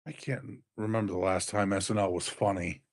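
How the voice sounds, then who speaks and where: A man's voice: fairly low pitch, fairly even intonation, a little fast, no room sound, clean studio sound. A man co-hosting a wrestling review in casual chat, blunt and dismissive. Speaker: wrestling show co-host.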